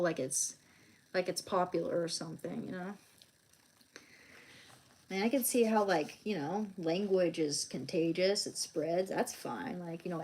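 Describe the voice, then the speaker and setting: A woman's voice: on the low side, a little mellow. A young woman chatting casually on a live stream while she draws, rambling with many fillers and restarts.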